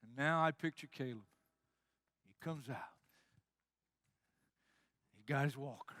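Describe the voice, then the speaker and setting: A man's voice: medium pitch, a little slow, pauses often, dry recording, studio quality. A man preaching a sermon as pastor, telling stories with energy and acting out the quoted lines. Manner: animated storytelling, acts out quotes.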